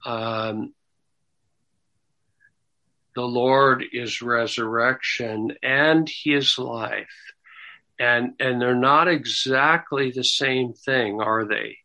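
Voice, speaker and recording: A man teaching the Bible in a sermon style, slow and halting, with repeated words and apologetic asides, building to emphatic rising stresses. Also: medium pitch, bright, forceful tone, poor audio. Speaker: Bible teacher answering questions.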